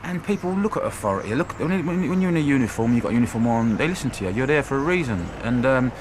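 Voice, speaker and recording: A middle-aged man speaking in an interview, earnest and halting, often restarting his sentences. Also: mid-range voice, animated, background noise. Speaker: former criminal interviewee.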